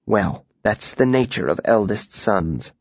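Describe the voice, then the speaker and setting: A man voicing a gentle young woman who speaks in a low, soothing, matter-of-fact way in a storybook reading. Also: lively intonation, normal speed, breathy edge, no echo, muffled recording.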